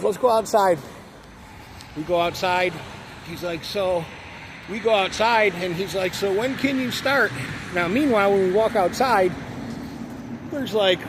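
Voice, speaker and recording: Man, casual storytelling, profane, high voice, noisy outdoor recording. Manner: profane, rambling, animated. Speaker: vlogger telling his story. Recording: noisy outdoor street sound.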